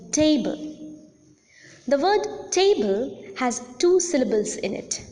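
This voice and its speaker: A woman giving an audio lecture on phonetics, speaking slowly and deliberately and spelling out words letter by letter. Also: a little high. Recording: long reverb.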